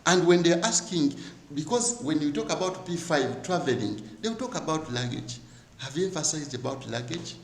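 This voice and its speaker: A man's voice: a little high, animated, normal speed, roomy sound, slight background noise, poor audio. A male teacher giving an exam review lesson, asking rhetorical questions and repeating key words for emphasis.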